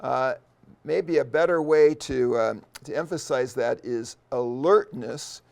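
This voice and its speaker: A middle-aged man, a seminary professor, explaining a Bible passage in an unscripted lecture. He is thoughtful and pauses often, with many fillers and restarts. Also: mid-range voice, creaky, a little mellow.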